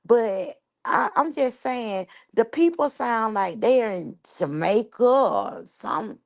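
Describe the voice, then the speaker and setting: Brash New York woman, gravelly voice. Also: on the high side, animated, slow pace. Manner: brash, chatty, profane. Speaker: live stream host. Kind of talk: casual live chat.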